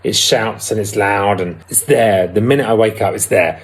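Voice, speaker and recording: A man with a husky, low-pitched voice talks candidly about working a twelve-step recovery program. He sounds reflective and personal and now and then hesitates to find his words. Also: normal speed. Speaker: recovery vlogger.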